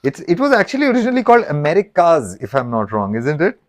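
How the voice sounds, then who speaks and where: A man's voice: fairly high pitch, wildly swooping pitch, quick pace. A man hosting a casual live stream while he cooks, rambling and joking and often cutting himself off mid-sentence. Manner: rambling, self-interrupting, jokey.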